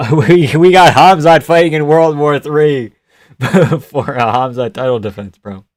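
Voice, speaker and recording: A man's voice: fairly high pitch, measured pace, no room sound, clean studio sound. Profane, rambling male streamer. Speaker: live streamer. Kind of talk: casual chat reacting to chat.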